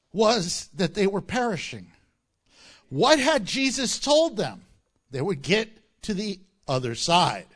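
Animated preacher man, lively high voice. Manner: animated, joking asides, acts out scripture quotes. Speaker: pastor. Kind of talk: sermon.

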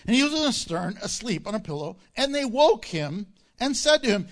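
Animated preacher man, lively high voice. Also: fairly quick, hardly any pauses. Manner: animated, joking asides, acts out scripture quotes. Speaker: pastor. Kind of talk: sermon.

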